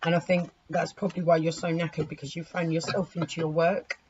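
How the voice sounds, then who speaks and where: A woman with a sore, hoarse throat gives a casual tarot reading, chatty and swearing lightly as she talks to her cards. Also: low-pitched, flat delivery, fairly quick. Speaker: tarot reader. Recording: muffled recording with clear background noise.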